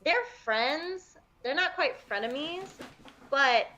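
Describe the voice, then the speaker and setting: A woman's voice: high voice, expressive, slow pace, bright, forceful tone. A woman explaining her ideas in a casual, chatty way with many fillers. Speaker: podcast panelist. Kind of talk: casual chat.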